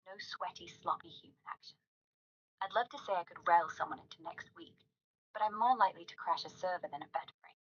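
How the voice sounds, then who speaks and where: Woman's voice doing a brash filthy-mouthed ai chatbot lady, lowish voice, kinda dull lo-fi sound. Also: a bit bright, a little hiss or hum, natural voice. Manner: brash, rapid-fire raunchy banter. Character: crude foul-mouthed female AI chatbot.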